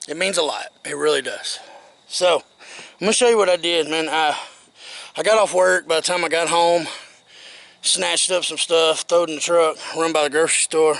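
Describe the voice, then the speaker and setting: A man's voice: on the high side, steady tone, normal speed, gravelly, fairly bright tone, no echo. A man vlogging in a casual, folksy and earnest way, out of breath after working. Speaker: outdoor vlogger. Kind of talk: casual vlog talk.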